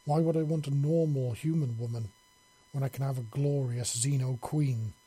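A man's voice: mid-range voice, moderate pace, dark tone, breathy edge. A man voicing an earnest young human man in love, speaking in a heartfelt way.

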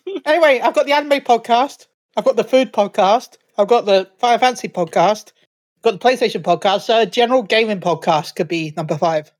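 A man's voice: high-pitched, brisk, dry recording. A man chatting casually as a podcast guest, rambling and joking about himself.

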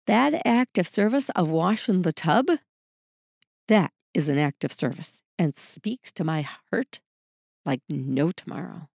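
Woman host, relationship advice talk, lively delivery that acts out quoted lines, slightly higher pitch, dry close sound. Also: dry recording. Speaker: podcast host.

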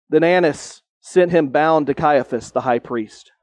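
A man preaching a sermon as a pastor, earnest, rising on key points and slowing down to stress them. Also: on the high side, a little mellow, no room sound.

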